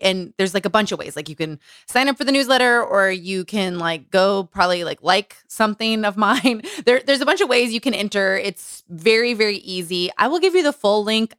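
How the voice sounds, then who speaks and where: A woman's voice: medium pitch, fairly bright tone, clear, resonant tone, no room sound, clean studio sound. A woman co-hosting a podcast, recapping a memoir in a chatty way with lots of "like" and frequent laughs. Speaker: podcast co-host. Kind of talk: casual book chat.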